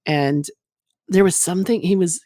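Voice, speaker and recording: A frank, candid woman with a lowish voice, rambling through stories in an easygoing podcast chat. The sound is dry and close, with no room echo. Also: moderate pace, mellow. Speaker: guest, former phone sex operator.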